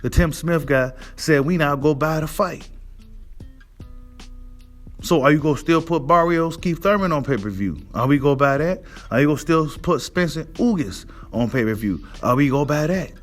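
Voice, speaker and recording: A boxing commentary host delivers a casual rant monologue in a voice on the high side, expressive and at normal speed, over faint background music. He's heated and profane, and keeps checking with his audience: "right?"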